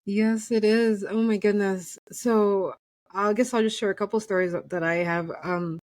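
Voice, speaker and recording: A woman's voice: mid-range voice, fairly even intonation, moderate pace. A woman interviewing a guest, sharing her own story in a chatty way and laughing between phrases. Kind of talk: casual conversation.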